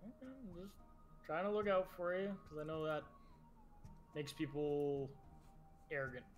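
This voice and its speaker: A man voicing a friendly, scrappy teenage superhero boy in a tabletop game, rambling and quick to argue. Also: a little high, faint music behind, natural voice. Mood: earnest. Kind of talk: in-character tabletop role-play.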